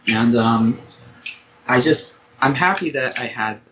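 Slow, hesitant young male caller. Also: mid-range voice, expressive, dull audio, noisy background. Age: 20s. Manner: hesitant, many "um"s and restarts. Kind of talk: call-in conversation.

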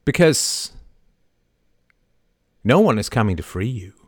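A middle-aged man hosting a live show, talking passionately and swinging from soft asides to loud, emphatic outbursts. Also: medium pitch, sing-song, slow, no echo, studio quality. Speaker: show host. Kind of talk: impassioned live-stream monologue.

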